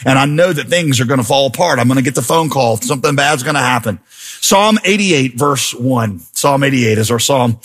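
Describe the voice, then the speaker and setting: Husky animated pastor preaching. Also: male voice, mid-range voice, normal speed. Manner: animated, rising to near-shouts reading scripture. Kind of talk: sermon.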